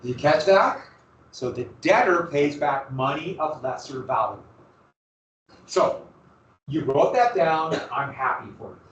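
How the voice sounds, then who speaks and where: A man's voice: fairly high pitch, animated, measured pace, dull audio. A male history teacher giving a classroom lecture, posing questions to the students and then answering them himself. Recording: roomy classroom recording from far off.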